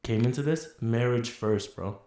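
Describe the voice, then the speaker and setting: Young male co-host, mid-pitched, joking banter, roomy echoey recording. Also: moderate pace. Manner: relaxed, teasing banter. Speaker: podcast co-host. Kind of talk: casual chat.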